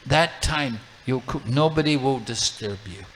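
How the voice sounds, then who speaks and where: A man's voice: mid-range voice, unhurried, fairly bright tone, slight background noise, natural voice. A man voicing a pleading, apologetic father and mother in a told story.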